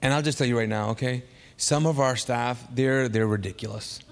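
A man preaching a sermon as pastor, lively and chatty, acting out funny stories with sudden loud bursts. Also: medium pitch, normal speed, in a large hall. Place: church sanctuary.

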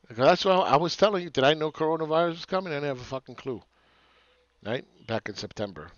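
A man's voice: on the high side, expressive, quick pace, no echo, dull audio. A man ranting as a market commentator, sarcastic and profane, who often repeats words and restarts his phrases.

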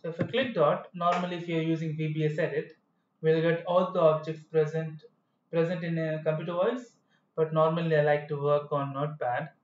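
A man's voice: a little high, little pitch movement, a little fast. A man giving a coding tutorial with rambling, self-correcting explanations. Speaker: programming tutor. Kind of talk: screen-recorded coding tutorial. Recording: echoey, dull room sound.

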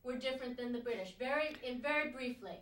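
A woman's voice: a little high, fast talker, fairly bright tone, far from the mic. A woman asking interview questions in a careful, apologetic way. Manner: careful, apologetic, repeats words. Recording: echoey room, away from the mic.

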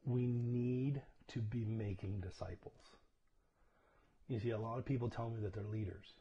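A man's voice: on the low side, steady tone, moderate pace, mellow. A man preaching a casual livestreamed sermon, talking conversationally, often checking in with "okay?" and laughing at himself as he tells personal stories. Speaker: pastor. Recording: dull lo-fi livestream audio with faint noise.

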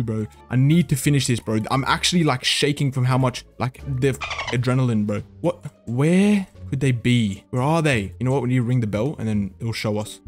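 A young man giving excitable, panicky gameplay commentary as a video host, repeating himself and swearing. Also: mid-range voice.

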